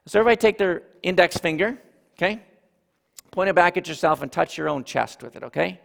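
A man preaching a sermon as pastor, emphatic and animated, with asides to the congregation. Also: sits high, a little fast, vocal fry. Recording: reverberant hall.

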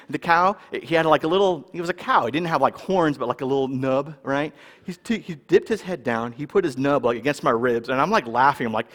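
A man from California, preaching a sermon in a casual, animated way and telling personal stories while checking in with his listeners. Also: mid-range voice, fairly quick, long reverb tail. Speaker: pastor.

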